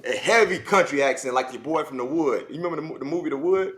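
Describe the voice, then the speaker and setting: A man in his forties from South Carolina, telling stories in a casual podcast chat, animated and repeating words as he goes. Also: fairly high pitch, fast talker. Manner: animated, repeats words, acts out kids' voices. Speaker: former football player guest.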